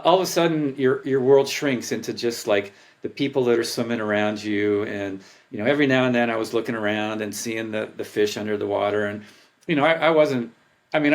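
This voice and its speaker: An older man who was once a pro triathlete tells stories in a casual interview, animated and laughing, acting out what he was thinking back then. His voice is medium-pitched.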